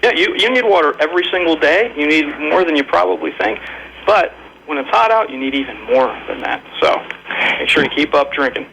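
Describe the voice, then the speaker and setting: Bright, upbeat male radio co-host. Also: fairly high pitch, animated, fairly quick, vocal fry, a little hiss or hum, poor audio. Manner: upbeat, friendly, laughs along. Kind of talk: casual radio chat.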